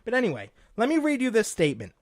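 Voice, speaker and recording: A man's voice: very high voice, wildly swooping pitch, fast, no room sound, studio quality. A young man hosting a political talk show, delivering combative, sarcastic commentary and calling his listeners folks.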